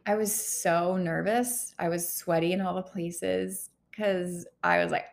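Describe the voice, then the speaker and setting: A woman in her thirties talking candidly in a personal vlog, halting and close to tears as she opens up. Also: fairly low pitch, little pitch movement, gravelly. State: holding back tears. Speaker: healthcare worker vlogger.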